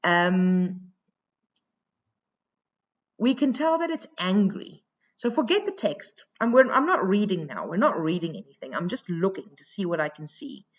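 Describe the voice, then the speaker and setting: A woman teacher talks slowly through a recorded lesson, thinking aloud and filling her pauses with "um". Her voice sits at an ordinary pitch. The sound is a bit dull and lo-fi. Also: big pitch swings. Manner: slow, thinking aloud with many fillers.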